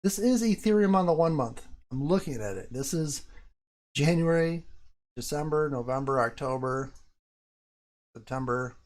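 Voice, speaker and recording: Man, live-stream host, casual chat with viewers, excitable and foul-mouthed. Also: fairly high pitch, normal speed, pauses often. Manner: profane, excitable, talks to chat. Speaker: livestream host. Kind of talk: casual live-stream commentary on crypto charts.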